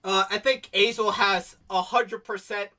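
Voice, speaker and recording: A man co-hosts a casual podcast streamed from a home microphone, his voice high-pitched and sharp with a steady tone and an unhurried pace. He swears freely, laughs often, and reads posts aloud.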